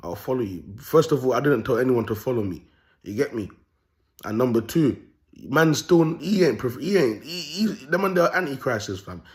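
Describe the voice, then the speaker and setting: A young man talking straight to his audience in an animated, streetwise way. He tells his story as a loose spoken monologue at a middle pitch, with slang throughout and repeated checks that he is being followed. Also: moderate pace. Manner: streetwise slang, animated, often asks "you get me". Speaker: self-styled prophet vlogger.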